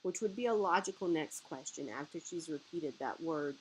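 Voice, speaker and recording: A woman's voice: low-pitched, expressive, moderate pace, a little hiss or hum, low-quality recording. A woman teacher giving a guided video lesson, patiently explaining words step by step. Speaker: French teacher.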